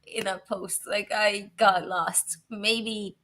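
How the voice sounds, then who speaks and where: A woman's voice: mid-range voice, fairly even intonation, takes it slowly, bright, forceful tone. A woman co-hosting a casual chat, joking and laughing often; English is not her first language. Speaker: podcast co-host.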